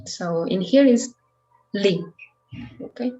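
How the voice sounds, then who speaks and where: Woman, Spanish native, teaching a language class over video call, unhurried delivery, slightly muffled audio. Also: medium pitch, lively intonation, warm tone. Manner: patient, explains slowly with many fillers. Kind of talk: online language lesson.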